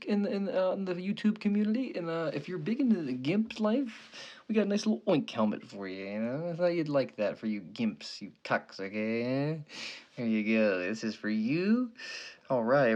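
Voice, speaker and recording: A man's voice: medium pitch, a little mellow, muffled recording. A young man hosting a sports betting show, rambling and swearing casually as he gives picks and jokes around, tagging lines with "okay" and "you know".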